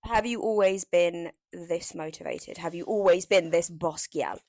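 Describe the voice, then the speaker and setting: Animated young woman who swears casually. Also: fairly low pitch, measured pace, no echo. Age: young adult. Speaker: podcast co-host. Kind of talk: casual chat.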